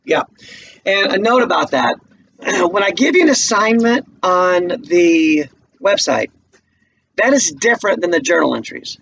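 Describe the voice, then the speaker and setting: A male English teacher giving a relaxed, chatty recorded lesson from home, checking in with his students as he goes. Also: high-pitched, gravelly, a little hiss or hum, rough recording. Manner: relaxed and chatty, asks the class questions.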